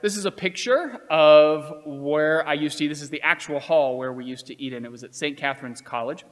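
A man with a somewhat high speaking voice tells personal stories, earnest and measured, and acts out the quotes he recalls. A long reverb tail follows his words, as if he were recorded in a large hall. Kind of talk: storytelling talk.

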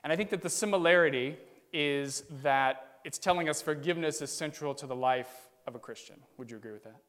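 A man's voice: on the high side, fairly quick, fairly bright tone. Conversational male pastor, church reverb. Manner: conversational, addresses the congregation directly. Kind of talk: sermon. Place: church sanctuary. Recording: long church hall reverb.

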